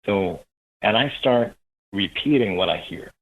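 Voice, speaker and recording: Male guest, husky and low-pitched, animated storyteller. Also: a little slow, poor audio. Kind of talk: storytelling in a radio interview.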